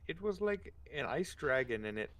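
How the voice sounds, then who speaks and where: Halting mid-voiced player man. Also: on the high side, very animated. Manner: halting, explaining.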